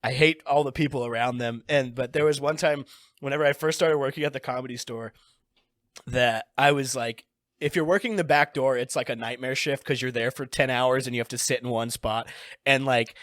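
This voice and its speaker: A man's voice: medium pitch, fairly even intonation, a little fast, a bit bright, no room sound, clean studio sound. A man, a guest comedian, telling rambling, profane stories in casual chat, full of filler words.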